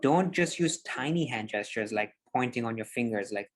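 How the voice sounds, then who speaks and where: Animated man coaching on public speaking. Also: medium pitch, normal speed. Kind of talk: instructive podcast conversation. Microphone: video call.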